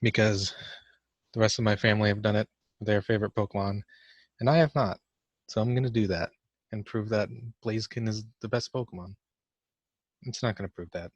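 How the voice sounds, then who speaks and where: A man's voice: fairly low pitch, steady tone, brisk, long pauses, no echo, dull audio. A young man giving casual let's-play commentary for a class vlog, awkward and joking at his own expense. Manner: awkward, self-mocking joking. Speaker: gamer doing a class vlog.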